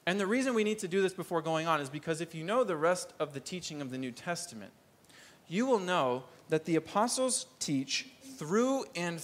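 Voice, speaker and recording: A man preaching a sermon, earnest, lifting his voice for emphasis and dropping low to press his points home. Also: a bit bright.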